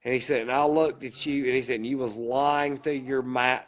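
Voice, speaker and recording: Over a muffled recording, a man with a steady, mid-range voice speaks at normal speed as he co-hosts a podcast. His casual story runs long and wanders, with each exchange retold through "he said, I said."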